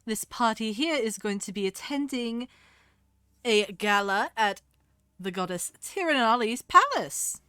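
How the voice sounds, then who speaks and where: A woman voicing a brisk, businesslike male shop clerk in a tabletop game. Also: high-pitched, lively intonation, bright, forceful tone, clean tone, dry recording, studio quality, pitched above the performer's own voice, full character voice. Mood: announcing.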